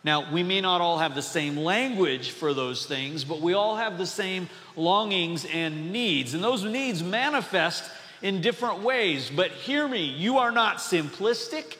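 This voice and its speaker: High-voiced pastor in a reverberant church. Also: male voice, expressive, a little slow, bright, forceful tone. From North Dakota. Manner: conversational, joking asides to the congregation. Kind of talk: sermon. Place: church sanctuary.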